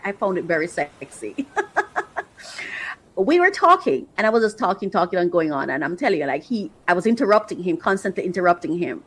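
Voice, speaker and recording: A woman's voice: fairly low pitch, husky, rough recording. A woman hosting a podcast, giving emphatic, opinionated commentary, repeating phrases for rhythm and dropping affectionate asides. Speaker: podcast host.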